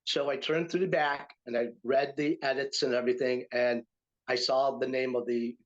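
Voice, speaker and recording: A man's voice: mid-range voice, little pitch movement, normal speed, dull audio. An older man from upstate New York, a retired teacher and writer, telling a story in a casual interview with many fillers and restarts. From Utica, New York, USA.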